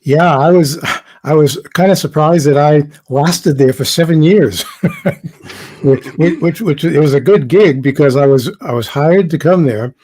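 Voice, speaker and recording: A man's voice: fairly high pitch, lively intonation, a little slow, warm tone. An older man from New York, a guest on a casual interview, cracking dry jokes. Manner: dry wisecracking humor.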